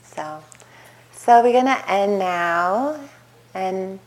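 A woman meditation teacher giving a dharma talk at a retreat center, telling a story with lively acted-out quotes and frequent laughter. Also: mid-range voice, normal speed, poor audio. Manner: animated storytelling, acting out quotes, laughing often.

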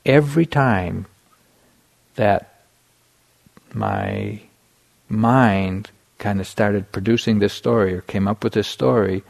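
A middle-aged man giving a meditation dharma talk, telling a personal story in a relaxed way with many fillers and restarts. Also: lowish voice, slow, gravelly, pauses often. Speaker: meditation teacher.

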